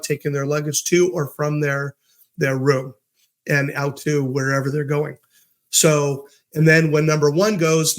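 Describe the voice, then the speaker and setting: A man hosting his own podcast, giving a casual, upbeat motivational talk and telling stories with fillers and restarts. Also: a little high. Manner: upbeat, storytelling with acted quotes. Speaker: podcast host.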